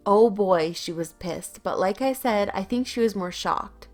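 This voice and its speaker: Young woman reading posted stories aloud; wry and lively in the retelling, medium voice, soft music underneath. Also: medium pitch, measured pace. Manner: wry, storytelling delivery with acted-out quotes. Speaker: story narrator. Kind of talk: reading an online story aloud.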